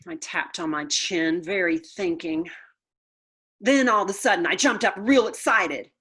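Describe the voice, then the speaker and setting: A woman reading a children's book aloud with playful, expressive storytelling. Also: lowish voice, unhurried, slightly rough. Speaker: storybook reader.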